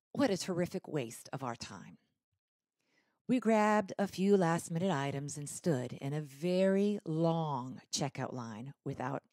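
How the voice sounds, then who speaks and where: Soft-spoken woman telling a sermon story. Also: fairly low pitch, no echo. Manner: gentle, reflective, often soft-spoken. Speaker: guest speaker. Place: church service.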